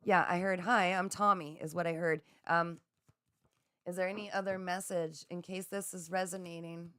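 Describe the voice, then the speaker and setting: A woman hosting a live spiritual chat, speaking in a gentle, affirming and soothing way as she reads out viewer comments. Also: fairly low pitch, flat delivery, moderate pace, smooth, dry recording, studio quality. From Canada. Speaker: psychic livestream host.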